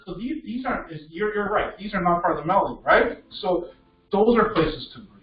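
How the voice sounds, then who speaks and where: A man teaching piano in a masterclass, encouraging and quick to check in, with a higher, animated voice. He is picked up from across a roomy studio, the sound a little dull. A piano plays faintly behind him. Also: recorded from a distance. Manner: encouraging, checks in with frequent "okay?". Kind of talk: coaching a student at the piano. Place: music studio indoors with a piano.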